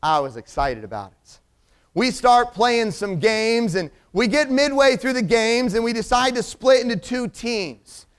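A man telling a personal story as a sermon illustration, animated and acting out the people in it. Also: very high voice, a little slow, clean tone.

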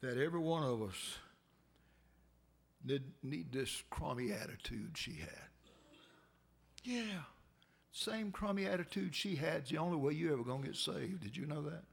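A man preaching a sermon, fervent and emphatic, who swings from high pleading cries to low earnest asides. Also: lively intonation, normal speed, vocal fry, long pauses, slightly rough.

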